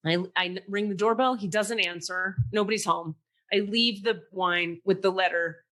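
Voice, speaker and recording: A woman podcast host telling a long story in casual chat, animated and profane, acting out the people she quotes. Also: medium pitch, normal speed.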